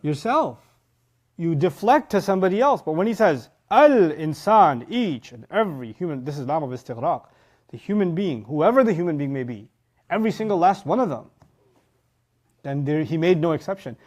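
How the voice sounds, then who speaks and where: A man teaching about the Quran in an animated lecture, punching key words and acting out how listeners react. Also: a little high, brisk.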